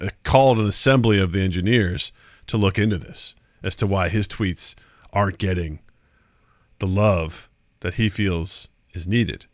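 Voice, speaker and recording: A man from Missouri with a low, swinging voice rambles through a casual podcast chat. He is recorded close on a dry studio mic, with no room sound around him. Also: no echo. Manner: rambling, loose, jokey with filler words. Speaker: podcast host.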